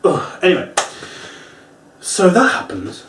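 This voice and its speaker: Male vlogger, lively rant, swears a lot, a bit high-pitched, echoey room, sits back from the mic. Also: slow, a little hiss or hum. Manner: animated, swears often, acts out moves and quotes. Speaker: wrestling reviewer. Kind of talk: casual ranting review. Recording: roomy, distant from the mic.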